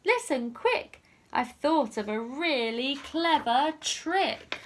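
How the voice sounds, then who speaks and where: A woman's voice: high-pitched, expressive, slow pace, a little hiss or hum, pitched above the performer's own voice. A woman voicing a small, clever female ladybird in a storybook reading. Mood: eager.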